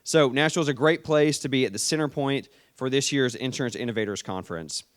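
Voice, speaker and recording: A man's voice: medium pitch, fairly quick. A man with a down-home Tennessee accent, a state official giving a folksy, friendly conference welcome speech on stage. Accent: Southern US, Tennessee. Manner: folksy and friendly, says "y'all" often. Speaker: state insurance commissioner giving welcome remarks.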